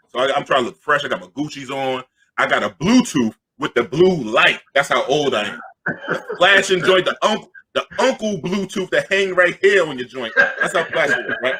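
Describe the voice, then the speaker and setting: A middle-aged man from Queens, telling an animated, jokey story and loudly acting out the crowd. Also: a little high, slightly rough. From Queens, New York.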